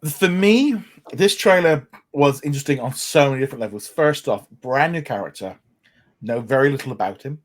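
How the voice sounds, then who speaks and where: A man's voice: mid-range voice, lively intonation, fairly quick. A man co-hosting a podcast, chatting with eager enthusiasm and frequent restarts. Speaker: podcast co-host. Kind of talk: casual chat.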